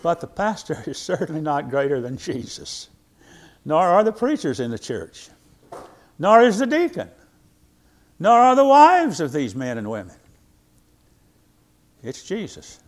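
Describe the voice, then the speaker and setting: An elderly man in his eighties preaching a sermon with a voice that climbs and falls all over the place. His pitch sits a bit high for a man, and he switches between loud emphatic lines and quiet ones as he reads scripture in old-fashioned wording. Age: 80s. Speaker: pastor.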